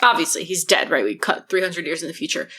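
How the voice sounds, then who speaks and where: Bright-voiced woman podcast co-host. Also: on the low side, fast talker, slightly rough. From Buffalo, New York. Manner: animated, swearing, laughing asides. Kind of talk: casual chat.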